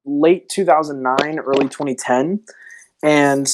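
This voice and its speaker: A young man telling a story on a casual podcast, building deadpan to the punchline. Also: fairly high pitch, a little slow, noisy background. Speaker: podcast co-host.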